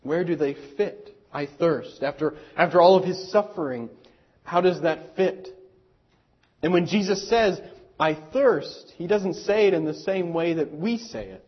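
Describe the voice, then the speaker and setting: A pastor preaching a sermon in an earnest, deliberate way with dramatic pauses, also turning to speak to the children. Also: male voice, high-pitched, breathy edge, dull audio. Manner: speaks directly to children in the congregation.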